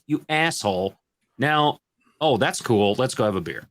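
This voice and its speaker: A man from Illinois, a podcast guest telling crude, animated stories in a casual panel chat. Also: medium pitch, normal speed.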